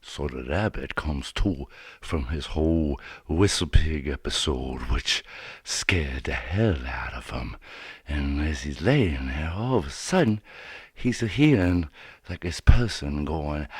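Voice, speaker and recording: A man's voice: a bass voice, animated, husky, dry recording. A man telling a story in a loose, slangy, casual way into a close studio mic. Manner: loose and slangy, drawn-out delivery. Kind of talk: casual spoken-word storytelling. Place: recording studio.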